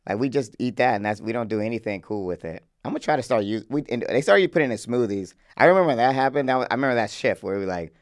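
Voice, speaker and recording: Loose, lively man on a podcast. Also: medium pitch, fast talker, few pauses, no echo, studio quality. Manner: loose and swearing, lots of fillers. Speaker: podcast co-host. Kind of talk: casual chat.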